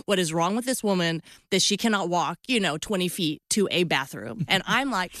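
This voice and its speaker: A woman in her fifties tells a story in a relaxed chat, animated and playful, jumping into little voices. Her voice sits at a middle pitch, recorded close and dry. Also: normal speed, few pauses, dry recording. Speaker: guest.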